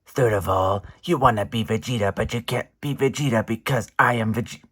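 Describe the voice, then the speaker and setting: A man's voice: fairly low pitch, normal speed, fairly bright tone, slightly rough. A man voicing an arrogant, proud alien warrior prince who boasts in haughty repetition.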